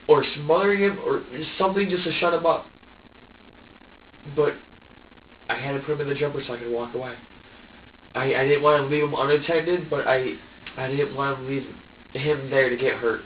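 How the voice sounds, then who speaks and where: A man being questioned by police, recounting events in a halting way, repeating himself and acting out what he said. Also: medium pitch, a little hiss or hum. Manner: halting, repeats and restarts, reenacts his own words. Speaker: suspect in police interrogation. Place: police interview room. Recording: echoey, distant, phone-like archive audio.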